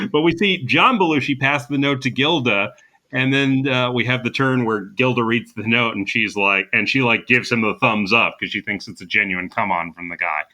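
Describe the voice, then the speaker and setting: A man's voice: mid-range voice, normal speed, pushed and bright. A man co-hosting a casual podcast, chatting with plenty of fillers and easy laughs. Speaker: podcast co-host.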